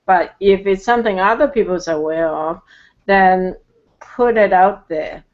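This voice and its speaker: Slow, halting woman with dull audio. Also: medium pitch. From Canada. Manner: halting, many fillers, slow and careful. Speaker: guest. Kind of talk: casual chat.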